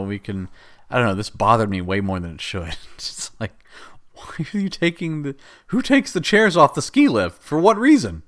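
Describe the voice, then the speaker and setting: A show host casually recaps a film, rambling, exasperated, and laughing at the plot. He has a mid-range, somewhat bright voice.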